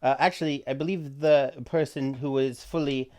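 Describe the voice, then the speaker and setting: A man's voice: medium pitch, steady tone, moderate pace, a little mellow. Mock-formal joking man. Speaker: podcast panelist running an improv game. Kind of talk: casual comedic improv chat.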